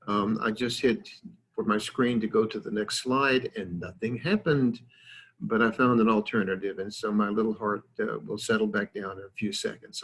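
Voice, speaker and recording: A man's voice: lowish voice, husky. A man giving a conversational lecture with slides, digressive, with many fillers and self-deprecating asides.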